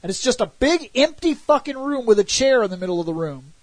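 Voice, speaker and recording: Speaking a little fast in an extremely high pitch, with no room sound, a male gaming podcast co-host tells stories in a casual setting. He acts out what people said with animation and swears a great deal.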